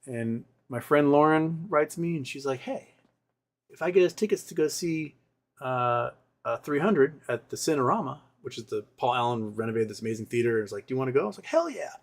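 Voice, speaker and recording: A man's voice: mid-range voice, brisk. Rambling man telling a personal story. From Seattle area. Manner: rambling, animated retelling with quoted voices. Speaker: host. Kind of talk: casual storytelling.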